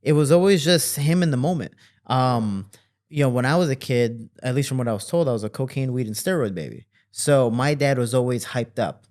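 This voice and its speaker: A man telling stories from his childhood as a guest in an interview, with lively quoting and relaxed fillers. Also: a little fast. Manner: animated, jumps higher to quote people; fillers and restarts, relaxed flow. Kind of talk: casual storytelling.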